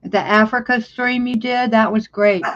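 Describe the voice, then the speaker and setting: A woman's voice: a little high, fairly even intonation, normal speed, a bit bright, muffled recording. A woman from America hosting a casual livestream chat, speaking hesitantly with many fillers and frequent laughs. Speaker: livestream host.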